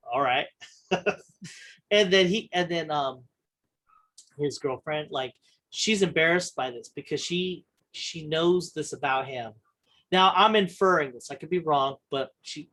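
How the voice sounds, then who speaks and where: A male podcast host with a voice pitched a little above the usual, talking loosely and bluntly. He rambles through his story, doubling back and restarting his sentences and swearing freely in casual chat. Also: fairly bright tone. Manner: profane and blunt.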